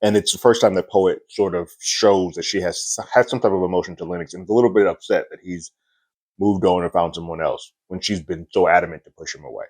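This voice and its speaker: Man, very low voice, casual TV episode recap, rambling chatty delivery. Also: fairly even intonation, brisk. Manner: loose, chatty retelling with frequent "like" and restarts. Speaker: TV reviewer.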